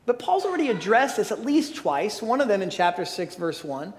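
Pastor guy with a pretty high voice preaching, earnest, punchy emphasis, long echo like a church hall. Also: very animated, a little fast, few pauses. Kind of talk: sermon.

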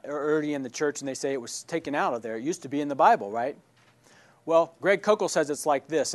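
A man teaching a church class who keeps checking in with his listeners, asking "right?" and "all right?". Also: fairly high pitch. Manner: asks questions and checks in with "right?".

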